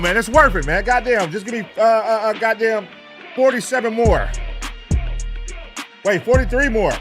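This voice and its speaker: A man streaming live, reacting to clips and chatting loudly and profanely with his viewers. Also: high voice, normal speed, pauses often, over music. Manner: loud, excitable, profane, animated. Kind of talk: casual livestream chat.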